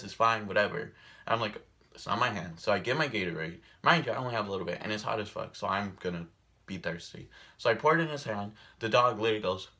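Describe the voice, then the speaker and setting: A young man vlogging at home, telling a funny story in a casual, animated way and acting out the other people's lines. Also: fairly low pitch. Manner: animated storyteller, acts out quoted voices, laughs often. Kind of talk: casual storytelling while doing makeup.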